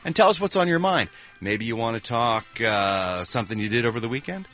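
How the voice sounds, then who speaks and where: A man from Philadelphia hosting a morning radio show, reading entertainment news in an animated, jokey way with quick voiced reactions. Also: medium pitch. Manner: animated, jokey, with quick sound-effect interjections. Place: radio studio.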